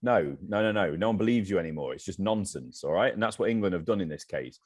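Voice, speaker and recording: A man with a deep, low voice co-hosting a podcast in relaxed chat. He speaks bluntly and with strong opinions, often teasing. The sound is close and dry with no room around it. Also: fast talker, slightly rough, no room sound. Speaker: podcast co-host. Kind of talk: casual chat.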